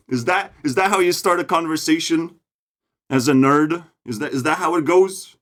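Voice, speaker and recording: A young man with a Lithuanian accent, ranting outdoors in a forest, profane and mocking, going from loud outbursts to low mutters. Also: moderate pace. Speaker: vlogger. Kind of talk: ranting monologue.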